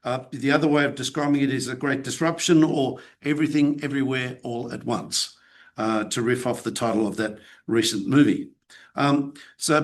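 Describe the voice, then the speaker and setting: A middle-aged Australian man giving a conversational, self-deprecating academic presentation with some fillers. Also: mid-range voice. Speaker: guest lecturer.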